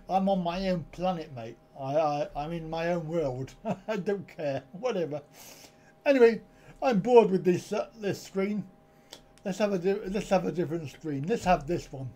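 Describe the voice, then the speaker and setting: A man's voice: high-pitched, expressive, a little slow, mellow. Chuckling man hosting a live stream. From United Kingdom. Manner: jokey, chuckling banter. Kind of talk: casual live-stream chat.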